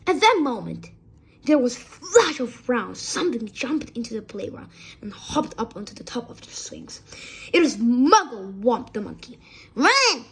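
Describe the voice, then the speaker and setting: A woman's voice: a little high, big pitch swings, normal speed, slightly rough. A woman reading a children's story aloud expressively, with small slips.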